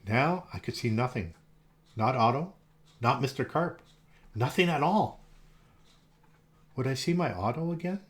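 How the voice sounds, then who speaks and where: A man reading a children's storybook aloud, gentle and expressive. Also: mid-range voice. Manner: gentle, expressive, slowed for effect.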